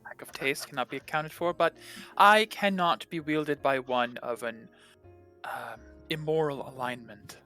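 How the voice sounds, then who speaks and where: A prim, fussy sentient glaive with a courteous but haughty manner, as a game master puts it on. The voice sits mid-range and speaks in a stiff, formal way, with faint music behind it. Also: male voice, mid-range voice, measured pace, bright, forceful tone. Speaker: sentient weapon.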